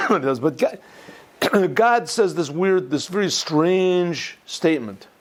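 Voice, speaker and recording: A man, a rabbi, giving an informal Torah lesson, often clearing his throat and restarting his sentences as he thinks aloud. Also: on the high side, expressive, slow. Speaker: rabbi teaching a yeshiva class.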